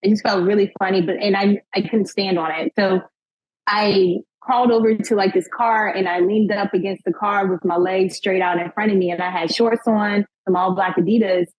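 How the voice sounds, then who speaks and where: A young woman tells a personal story as an interview guest, with a husky, slightly breathy voice. She talks in an animated way and acts out what people said. The sound is dull and lo-fi, like a modest podcast recording. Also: medium pitch, normal speed. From United States. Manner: animated retelling, acting out quotes, frequent laughs and "like".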